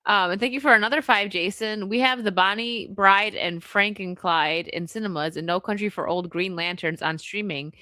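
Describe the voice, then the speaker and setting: An American woman hosts a live stream, reading viewer super chats aloud and chatting with her co-hosts. She laughs easily and keeps things loose, and her voice sits at an ordinary middle pitch on a dry, close microphone. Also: normal speed, few pauses, pushed and bright, no echo. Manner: chatty, laughs often, reads donor messages aloud. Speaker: host.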